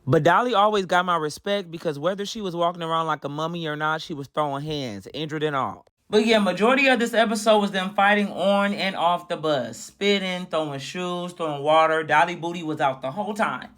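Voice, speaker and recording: A young man with a high voice gives casual, sassy commentary recapping a reality show, speaking directly to his viewers. He's animated and mocking, talking a little fast with hardly any pauses.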